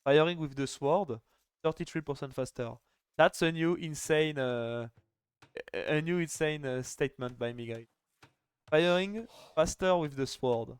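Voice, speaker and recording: A man's voice: on the high side, measured pace, clear, resonant tone, no room sound. A young man casting a live strategy game final, chatty and joking, with lots of "like" fillers. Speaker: esports caster.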